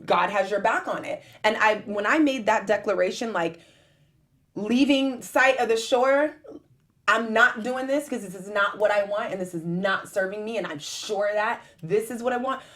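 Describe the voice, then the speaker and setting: A woman co-hosting a relaxed talk show. She talks earnestly and emphatically, urging listeners to take inspiration to heart. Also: mid-range voice, normal speed. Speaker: host. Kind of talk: casual chat.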